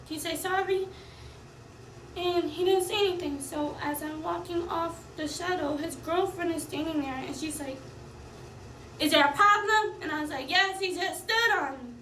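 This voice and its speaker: A young woman, a college student, giving a rushed, upset retelling of an incident. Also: very high voice, fairly bright tone, reverberant, recorded from a distance, a little hiss or hum, low-quality recording. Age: young adult. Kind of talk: recorded personal account.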